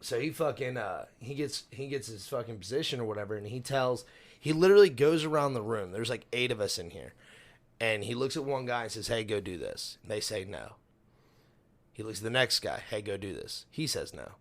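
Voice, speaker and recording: A man's voice: mid-range voice, lively intonation, a little fast. A young man co-hosting a podcast, telling a long workplace story in casual chat, swearing constantly. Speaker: podcast co-host.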